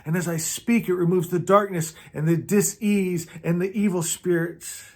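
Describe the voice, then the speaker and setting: A man leading a guided prayer and spiritual teaching, meditative and slow, often repeating words and trailing off softly. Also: high-pitched, fairly even intonation.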